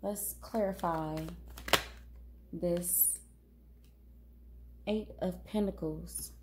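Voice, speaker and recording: A woman with a cold giving a casual tarot reading, talking unhurriedly with pauses and fillers. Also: lowish voice, fairly even intonation, background noise. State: has a cold, sniffling. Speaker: tarot reader.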